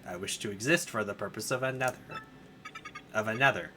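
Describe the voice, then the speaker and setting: A man playing an earnest, formal computer in a game playthrough, lowered and soft-spoken with slow, even diction. His measured lines sit quietly under a faint hiss. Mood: solemn. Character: calm formal male computer, earnest and stiff. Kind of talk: let's play voice acting.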